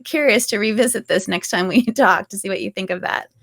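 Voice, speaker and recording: A woman author chats casually and asks curious questions, laughing often as she goes. Her voice has a gravelly, fry-touched texture at a middle pitch. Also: fairly quick, a bit bright. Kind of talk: casual conversation.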